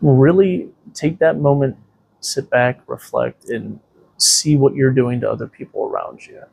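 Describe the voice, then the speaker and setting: A man with a gravelly voice talks as a guest on a casual interview show. He rambles through stories, swears freely and keeps saying "you know." His voice sits in an ordinary middle pitch. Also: measured pace, a little mellow. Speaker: tattoo shop owner, podcast guest.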